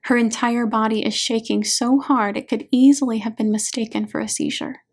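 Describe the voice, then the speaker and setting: A woman, an author and hypnotherapist, reading her audiobook in a gentle, measured way. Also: fairly high pitch, big pitch swings. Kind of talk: audiobook narration.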